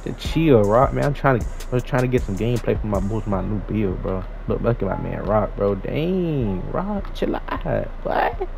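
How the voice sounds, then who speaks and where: A young man giving slangy, excitable trash-talk commentary over his own basketball video game play. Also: fairly low pitch, normal speed, vocal fry, hardly any pauses, over music, low-quality recording. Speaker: gaming YouTuber. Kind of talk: live gameplay commentary.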